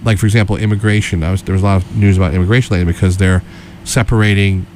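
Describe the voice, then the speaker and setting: A man's voice: low-pitched, fairly even intonation, rapid-fire, darkish tone, slight background noise. A middle-aged man co-hosting a political radio show, talking casually and rambling with many restarts and fillers.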